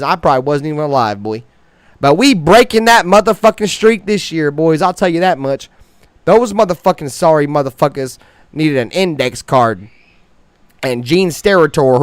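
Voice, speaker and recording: A brash man rants through a fan sports show with cocky, profanity-laced slang, pushing his voice loud and high when he is fired up. His voice sits a bit high and sounds smooth and clear, recorded in a dry, close space. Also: no room sound. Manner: swaggering, heavily profane slang. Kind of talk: profane sports trash talk monologue.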